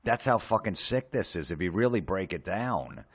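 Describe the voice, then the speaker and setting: A man's voice: sits low, big pitch swings, normal speed, a bit bright. A man delivering a profane, sarcastic comedic rant, mocking people in put-on voices. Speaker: comedian ranting.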